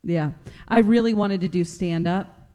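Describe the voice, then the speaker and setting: A woman's voice: fairly low pitch, a little slow, mellow. A woman guest in casual chat, hesitant and searching for words.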